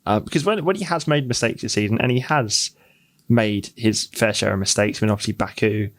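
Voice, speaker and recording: A man with a lowish voice gives a considered take on a podcast. He speaks in a measured way and stumbles over repeated words as he starts his points. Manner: measured, thoughtful, stammers on restarts. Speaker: podcast co-host. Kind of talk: casual chat.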